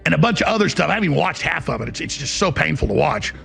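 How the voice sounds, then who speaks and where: A middle-aged man with a gravelly, raspy voice dramatically retells a dispute, mimicking the other person. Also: on the high side, expressive, rapid-fire, a bit bright, faint music behind. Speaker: show host recounting a dispute. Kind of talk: heated monologue clip.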